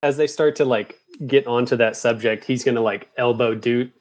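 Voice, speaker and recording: A man's voice: mid-range voice, steady tone, normal speed, darkish tone. Casual man playing a tabletop game. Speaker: player.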